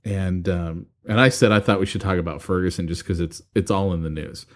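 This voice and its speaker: A man's voice: low voice, steady tone, fairly quick. A man co-hosting a podcast in casual chat, bantering and rambling on as he makes his points. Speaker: podcast co-host.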